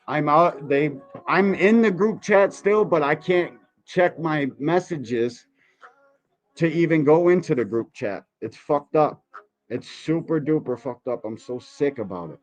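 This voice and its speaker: A man's voice: a little high, lively intonation, a little slow. A man hosting a boxing reaction podcast, talking casually and ranting with heavy swearing. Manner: profane, heated ranting. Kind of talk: casual live-stream commentary.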